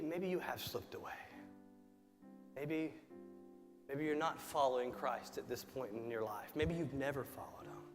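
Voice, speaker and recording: A man preaching a sermon, building to impassioned shouts and repeating phrases. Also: a little high. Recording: reverberant hall with faint music.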